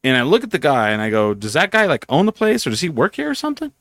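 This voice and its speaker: A man's voice: a little high, fast, no echo, clean studio sound. A man hosting a casual podcast, telling a long story full of swearing and acted-out quotes. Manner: profane, animated storyteller acting out quotes. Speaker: podcast host.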